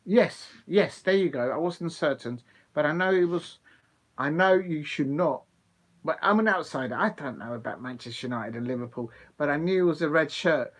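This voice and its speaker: A man hosting a live football watch-along, chatting excitedly with viewers and laughing often. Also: on the high side, moderate pace. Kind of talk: live casual chat with viewers.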